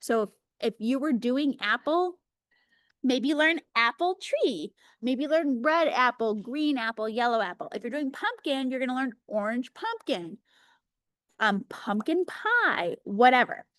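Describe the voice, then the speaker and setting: Over a video call, a high-pitched woman in her thirties leads an early childhood workshop as a live webinar, talking energetically and slowing down to model words. The audio is clean studio sound with no echo.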